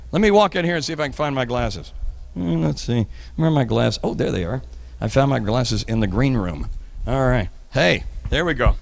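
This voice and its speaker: A man's voice: fairly high pitch, gravelly, fairly bright tone, big-room sound. A man in his fifties hosting a live trivia show in a playful, jokey, rambling way. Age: 50s.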